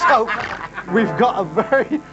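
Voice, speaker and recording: A man's voice: very high-pitched, big pitch swings, takes it slowly. A man hosting a piano party and telling gags, with "he said" after nearly every phrase. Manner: storyteller, keeps repeating "he said". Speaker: host. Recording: dull late-80s recording with faint room noise.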